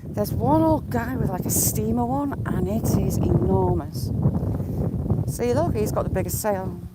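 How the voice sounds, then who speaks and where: Walking beside a lake, a woman live-streams casually on her phone, chatting and greeting viewers by name with teasing, sarcastic remarks. Her voice is mid-range and unhurried, with heavy background noise.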